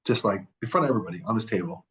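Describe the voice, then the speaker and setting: A man, a podcast guest, telling a story in a casual, animated and profane way, acting out the people he quotes. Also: lowish voice, rapid-fire, rough recording.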